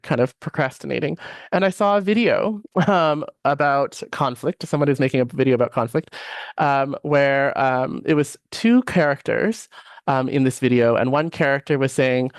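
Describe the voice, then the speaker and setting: A man's voice: medium pitch, no room sound, studio quality. A man presenting a live online workshop in a reflective, conversational way. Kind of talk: live online teaching session.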